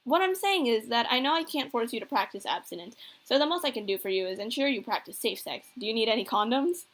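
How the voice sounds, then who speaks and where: Girl reading out a corny middle-aged dad who won't stop teasing, kinda high voice. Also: animated, fast talker, a bit bright. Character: teasing middle-aged single father, goofy.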